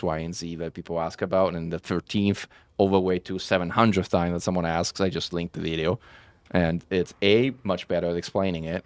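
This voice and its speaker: A man's voice: low-pitched, no room sound. A man casually chatting with viewers on a live stream, rambling and correcting himself as he goes. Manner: rambling, self-correcting, with frequent "um" and "like". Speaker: game streamer.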